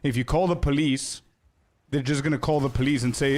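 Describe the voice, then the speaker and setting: A man's voice: medium pitch, fairly even intonation, a little fast, darkish tone. A man streaming a game, chatting casually with viewers in a laid-back, slangy way and laughing often.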